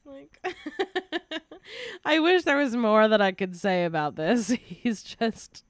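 A woman's voice: fairly high pitch, animated, slow. A woman hosting a casual quiz game, giggling often as she reads out quotes. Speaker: quiz host.

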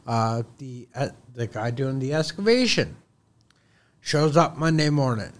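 A man's voice: mid-range voice, lively intonation, measured pace. A contractor guest on a podcast, telling a story in casual talk, heated and profane, acting out both sides of his phone calls.

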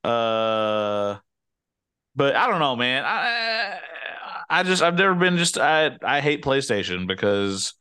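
Slow and sing-song, this man's mid-range voice is bright, forceful, and clean. As a podcast co-host, he rambles through casual chat, cracking jokes and constantly restarting himself. The studio-quality recording has no room sound.

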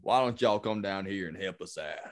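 A man's voice: deep voice, brisk, a little hiss or hum, natural voice. A man voicing a menacing small-town Texan gas station man with a drawling, mock-friendly Texas accent. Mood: sly.

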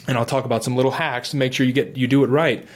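A middle-aged man earnestly telling his own recovery story in a talk, animated and acting out his inner voice. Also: mid-range voice, quick pace. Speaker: guest sharing recovery story. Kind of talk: earnest personal testimony.

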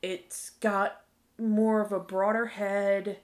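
A woman's voice: medium pitch, level tone, slow. American woman explaining dog breeds. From United States. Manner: explaining knowledgeably, with restarts. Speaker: podcast co-host. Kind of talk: casual chat.

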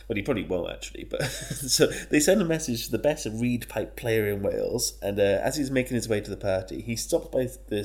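A man's voice: on the low side, gravelly. A man, a podcast co-host retelling an old legend in casual, slangy, sweary chat, laughing often. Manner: swearing, laughing, slangy, bursts into shouted character voices.

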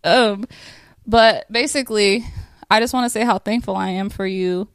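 Woman, AAVE speaker, emotional family tribute, halting and teary with nervous laughs, close dry recording. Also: medium pitch, no room sound. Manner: tearful, laughing through emotion, many fillers. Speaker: family member giving a thank-you speech. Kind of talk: emotional casual speech.

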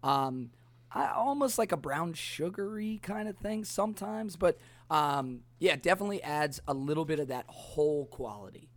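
A man's voice: fairly high pitch, animated, normal speed, no echo. A man hosting a casual cocktail podcast, talking in a rambling way with many fillers. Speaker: podcast host. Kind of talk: casual chat about cocktails.

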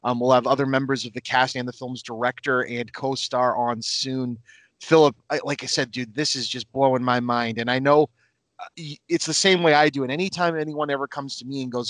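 A man from north of Boston hosts a podcast in a relaxed, excitable way. He rambles and pokes fun at himself. His voice is close and dry, with no room sound. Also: mid-range voice, fairly quick, no echo. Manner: enthusiastic, rambling, self-deprecating. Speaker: podcast host. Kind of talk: casual podcast interview.

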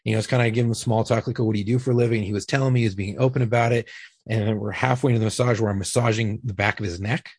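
A man with a husky, fairly low voice tells a long story on a podcast. He swears freely and talks with lively energy. The recording is dry and close. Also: racing, no room sound. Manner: profane, animated storyteller. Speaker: podcast guest telling a story. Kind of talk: casual storytelling.

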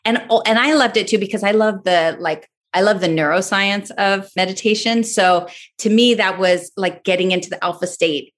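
A woman's voice: mid-range voice, normal speed, a bit bright. A woman in her forties, a podcast guest, telling a parenting story in casual chat and acting out her own thoughts.

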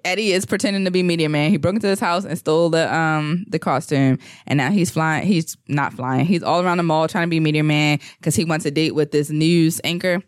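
A man's voice: a little high, fairly even intonation, a little fast, hardly any pauses, clean tone, no echo. Guy retelling a movie on a podcast, rambly, acts out the lines, dry mic. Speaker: podcast co-host. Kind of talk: casual movie recap.

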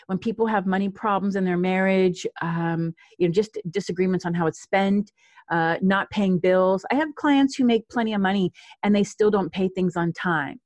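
A woman's voice: mid-range voice, no echo. Chatty woman coach, dry close sound. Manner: lively, chatty, laughs often. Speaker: guest coach. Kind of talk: casual podcast interview.

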